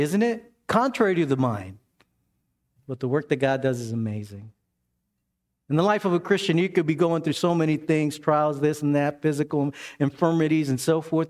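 A male pastor, preaching a sermon in an animated way, his voice climbing high in the stories and dropping soft for emphasis, then leading a prayer.

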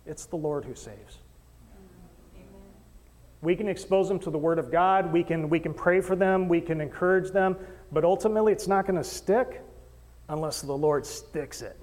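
A man preaching a sermon as pastor, animated storyteller who acts out voices and jokes with the congregation. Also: on the high side, moderate pace, long pauses, in a large hall. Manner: animated storytelling, acting out quoted voices, joking with the crowd. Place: church stage in a hall.

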